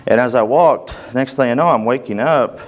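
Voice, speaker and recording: A man's voice: mid-range voice, normal speed. A man giving a personal church testimony in an earnest, conversational way, acting out the dialogue as he tells it.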